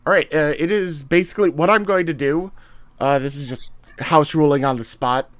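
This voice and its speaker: A man running a tabletop game, his voice sitting a little high and sounding close and dry. He narrates and makes rulings in a relaxed way, thinking aloud as he goes. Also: moderate pace, dry recording. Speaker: game master.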